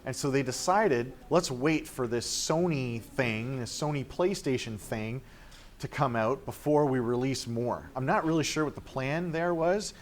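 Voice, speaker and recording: A man's voice: medium pitch, a little slow, slight background noise. A man giving a casual classroom lecture, chatty and full of fillers, acting out quoted reactions. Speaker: teacher.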